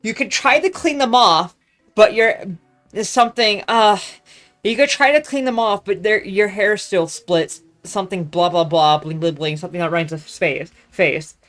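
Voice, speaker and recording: A young man from Texas, ranting loudly in a profane, rambling monologue full of restarts. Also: high voice, moderate pace, faint music behind. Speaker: vlogger.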